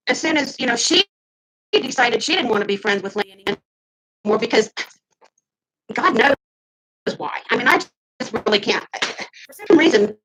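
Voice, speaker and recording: A woman in her fifties venting heatedly to her camera, swinging between loud outbursts and muttered asides. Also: a little high, a little hiss or hum, rough recording. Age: 50s. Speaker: vlogger. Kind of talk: casual ranting to camera.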